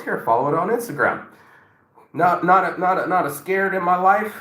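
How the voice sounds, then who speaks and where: A man's voice: sits high, fast talker, fairly bright tone, reverberant, a little hiss or hum, rough recording. A man in his forties giving a rambling motivational talk, full of swearing and filler words. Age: 40s. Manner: rambling, profane, many fillers. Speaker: motivational vlogger. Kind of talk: casual motivational monologue.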